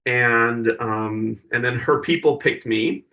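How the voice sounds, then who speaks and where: Man, comedian guest, lively storyteller, bright forceful voice, slightly distant from the mic. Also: mid-range voice, slow pace. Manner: animated storyteller, acts out the people he quotes. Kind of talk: casual interview chat.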